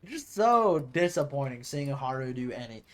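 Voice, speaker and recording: A man chatting casually while streaming a game live, rambling excitably and tripping over repeated words as he gets going. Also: medium pitch, moderate pace. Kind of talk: casual live gaming commentary.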